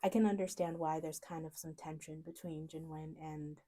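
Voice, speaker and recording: A woman's voice: sits low, steady tone, normal speed, mellow. Woman student musing with lots of fillers. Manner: hesitant, many fillers like "like" and "um". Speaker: student podcast co-host. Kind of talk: casual academic discussion.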